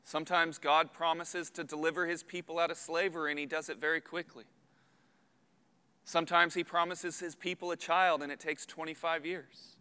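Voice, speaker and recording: Pastor guy preaching, bright clear voice, earnest, gets loud on big points, long hall echo. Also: a little high, little pitch movement, normal speed. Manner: earnest, builds to loud emphatic peaks. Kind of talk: sermon.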